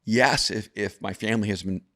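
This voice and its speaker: A man's voice: lowish voice, brisk, pushed and bright. A man over fifty from El Salvador, a guest telling stories in a reflective way with frequent restarts. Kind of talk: conversational storytelling.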